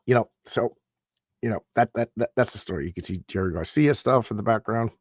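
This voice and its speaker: A man's voice: lowish voice, a little fast, slightly rough, no room sound, lo-fi sound. A man hosting a casual live stream, rambling and stammering as he repeats words. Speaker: host.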